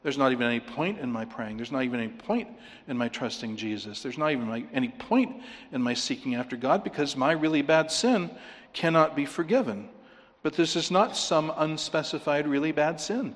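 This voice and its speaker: A man preaching with emphasis, his voice sitting a little high for a man. He counts off numbered points and keeps asking the congregation questions. His words ring out with a long reverb, as in a church hall. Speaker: pastor. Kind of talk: sermon.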